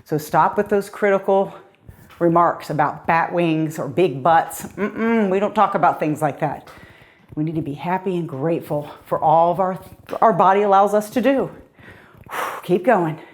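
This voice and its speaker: A woman's voice: on the low side, normal speed. A middle-aged woman fitness coach leading a guided workout, upbeat and encouraging, a little out of breath as she calls out the moves. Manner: upbeat, encouraging, counting down reps. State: slightly out of breath.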